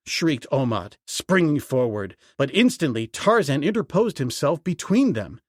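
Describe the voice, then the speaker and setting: A man narrating an adventure audiobook in a measured storytelling way. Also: medium pitch, lively intonation, no room sound, studio quality. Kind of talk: scripted narration.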